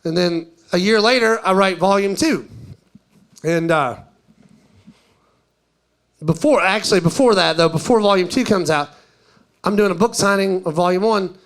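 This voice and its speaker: A middle-aged man from East Tennessee with a Southern accent, doing a stand-up comedy set and acting out tourists in a higher voice. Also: moderate pace, pauses often. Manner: storytelling, acts out tourists in a higher voice.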